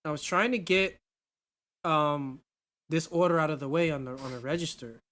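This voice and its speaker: A woman co-hosting a podcast, telling a profane, animated story in casual chat. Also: low-pitched, moderate pace. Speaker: podcast co-host.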